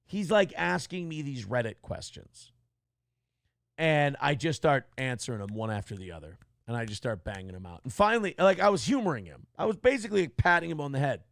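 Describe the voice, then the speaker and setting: A man's voice: fairly high pitch, lively intonation, moderate pace, vocal fry, no echo, clean studio sound. A man hosting a livestream, telling a story in a brash, profane, mocking way and acting out other people's lines. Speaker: livestream host. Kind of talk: casual monologue.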